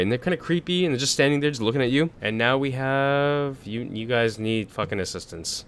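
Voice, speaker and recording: Young male gaming youtuber, mid-pitch voice, crude joking commentary, reads text with slip-ups, desk condenser mic. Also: brisk, hardly any pauses, smooth. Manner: swears, reads aloud and stumbles. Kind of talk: let's play commentary. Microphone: desk condenser microphone.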